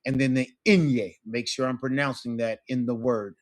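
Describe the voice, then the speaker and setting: This man's voice sits at medium pitch with fairly even intonation, and he talks at a normal speed. He's a Spanish teacher running an online class, explaining with patience and checking in with the class often.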